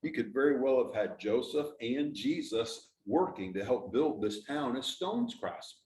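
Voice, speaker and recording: A man's voice: medium pitch, lively intonation, moderate pace, a little mellow, slight background noise. A man giving an informal, conversational talk to a church audience, explaining as he goes and asking the listeners questions. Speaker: church speaker. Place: church sanctuary. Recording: echoey hall from a distance.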